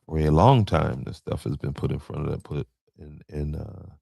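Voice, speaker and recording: Male podcast host, low gravelly voice, dry close sound, casual slangy commentary. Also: moderate pace, mellow, no echo. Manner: loose slangy storytelling, stumbling over names.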